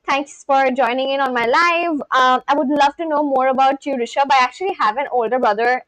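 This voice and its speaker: A young woman from West Bengal, India, chats with her live-stream viewers and answers their questions one by one in a relaxed, talkative way. Her voice sits high and bright. The sound is dry and close, with no room echo. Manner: chatty, reads out viewer questions and answers them. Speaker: livestreamer.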